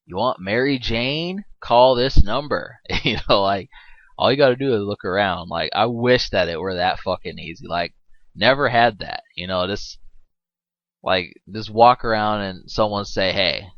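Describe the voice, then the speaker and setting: A man's voice: lowish voice, moderate pace, no room sound, lo-fi sound. A man giving a rambling, casual movie commentary, full of fillers and restarts and laughing often, swearing now and then.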